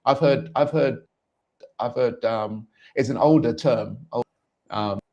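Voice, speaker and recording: A man from Jamaica chatting as a guest, halting and repeating words, laughing often. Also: medium pitch, vocal fry, darkish tone, dull audio. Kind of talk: casual chat.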